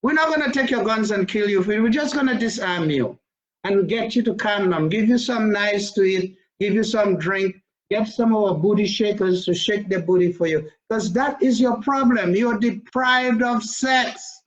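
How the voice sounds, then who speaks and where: A man's voice: high-pitched, normal speed, highs cut off. A man giving a rambling video monologue as a self-styled religious leader, crude and defiant in his talk.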